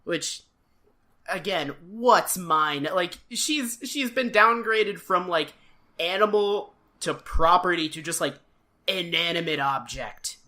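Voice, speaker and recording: A woman co-hosting a chatty podcast, recapping a show with biting sarcasm. Her pitch swings widely as she jumps into loud mock voices for the characters. She talks loosely, full of fillers and asides. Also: takes it slowly. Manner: sarcastic, animated, mimics characters with big voices. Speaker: podcast co-host. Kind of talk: casual chat recapping a TV episode.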